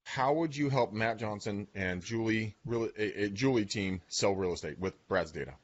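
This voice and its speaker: A crude, joking podcast host who tosses out rough humor while steering the talk. His voice sits somewhat low. The recording is dull and lo-fi. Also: moderate pace. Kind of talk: casual podcast chat.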